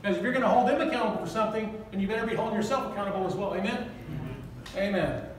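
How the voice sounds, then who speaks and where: Older man, pastor, fervent sermon, high-pitched voice, heavy room echo, mic far off. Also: slight background noise. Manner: passionate, rapid, asks the congregation questions. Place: church hall. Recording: roomy echo, mic at a distance.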